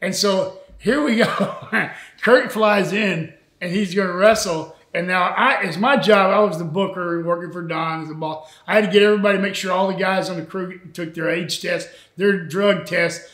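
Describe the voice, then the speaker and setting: A man's voice: high voice, normal speed, fairly bright tone, echoey room. An older man, a retired wrestler telling old road stories in an interview, folksy and full of laughs and fillers. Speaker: retired wrestler and former booker. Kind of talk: storytelling interview.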